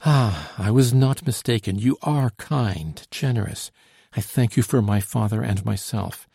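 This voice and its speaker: A man's voice: lowish voice, a little slow, gravelly, mellow, breathy edge, no echo, clean studio sound, exaggerated voice. A man reading an audiobook, voicing a devoted, anxious young French woman in a raised, pleading voice. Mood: grateful. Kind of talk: audiobook narration.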